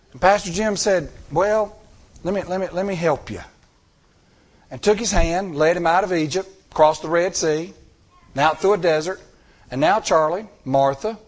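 A middle-aged man preaching a sermon, telling stories with acted-out dialogue and repeating phrases for emphasis. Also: a little high. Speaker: church elder preaching.

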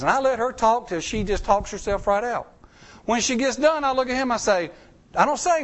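High-voiced folksy preacher man. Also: expressive, fairly quick, a bit bright. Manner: folksy, conversational preaching with wide pitch swings. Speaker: pastor. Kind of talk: sermon.

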